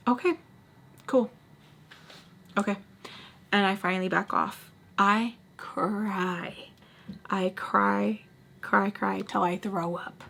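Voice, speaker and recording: Woman, casual storytime vlog, blunt and dramatic, mid-pitched voice. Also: vocal fry, a bit bright. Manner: candid, dramatic, blunt and profane. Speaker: storytime vlogger.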